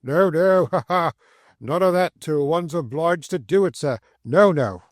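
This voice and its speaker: Brief: blustering showman doctor from Scotland, loud and full of himself, pitched up, as a male narrator puts him on, dry close sound. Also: lively intonation, moderate pace, no room sound. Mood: boastful. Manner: loud, showy, chuckling bluster. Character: boastful loud Scottish phrenologist doctor, tall, middle-aged man.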